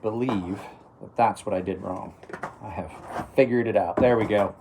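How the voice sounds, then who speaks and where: A lowish, creaky voice at a moderate pace comes from a middle-aged man hosting a knife review channel live, with background noise audible. His casual chat rambles, with many restarted sentences and quiet chuckles to himself.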